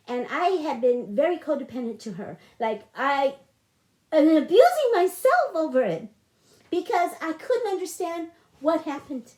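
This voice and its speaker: A middle-aged woman with a high-pitched, slightly mellow voice tells a personal story in a monologue. She is emotional and repeats herself, often restarting, and the room sounds echoey.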